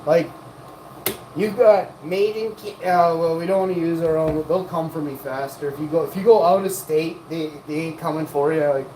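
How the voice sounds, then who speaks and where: A woman hosting a livestream rambles, jokes, and teases people in the chat in a deep, mellow voice. Her intonation is fairly even at normal speed, and the low-quality recording has slight background noise.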